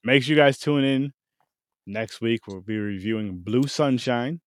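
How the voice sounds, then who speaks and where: A man hosting a podcast in easy conversation, throwing in short reactions and casual sign-offs. His voice is mid-pitched and sounds dry and close to the mic. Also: a little slow, dry recording. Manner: relaxed, reactive, brief interjections. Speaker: host.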